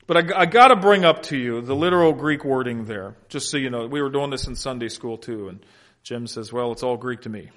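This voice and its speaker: A male pastor preaches a sermon in a medium-pitched, slightly fast voice, alternating loud, emphatic points with quiet asides. He also explains Greek wording in a teacherly manner.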